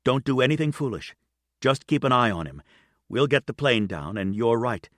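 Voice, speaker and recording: A man voicing a patient, steady female airline captain who speaks quietly and kindly. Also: mid-range voice, moderate pace, no room sound, clean studio sound, lightly acted. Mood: calm.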